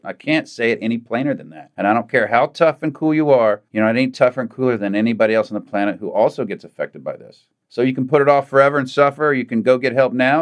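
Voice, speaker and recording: Blunt, plain-spoken middle-aged man. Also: medium pitch. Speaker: guest, combat veteran. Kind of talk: candid podcast conversation.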